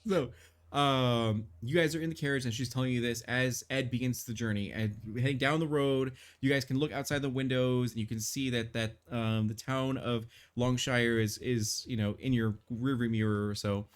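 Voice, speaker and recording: A man runs a tabletop game on a live stream and narrates the scene as game master. He rambles with many fillers, at an ordinary middle pitch. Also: fairly even intonation, moderate pace, clean tone.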